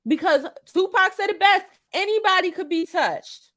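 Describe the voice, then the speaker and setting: Woman host, high voice, slangy, profane, emphatic opinion commentary. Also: moderate pace, a bit bright. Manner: blunt, profane and emphatic, repeating her points; slang-heavy street talk.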